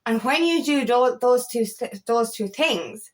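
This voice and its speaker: A woman's voice: on the high side, expressive, a little slow. A woman coaching on twin flame journeys, talking straight to her viewers in a blunt, emphatic way and swearing freely. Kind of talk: unscripted spiritual talk to camera.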